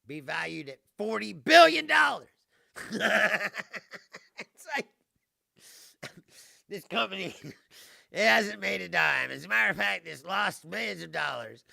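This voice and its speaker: A man's voice: high-pitched, big pitch swings, slow pace, gravelly, pauses often, sharp tone, dry recording, studio quality. A middle-aged man hosting a live stream, telling a story in a casual, exasperated rant, laughing and swearing as he goes. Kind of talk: casual ranting monologue.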